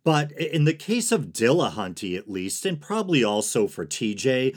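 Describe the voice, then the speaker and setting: A man hosting a solo podcast, talking in a monotone, sedated way with dry, sarcastic asides and soft laughs. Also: mid-range voice, normal speed. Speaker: podcast host.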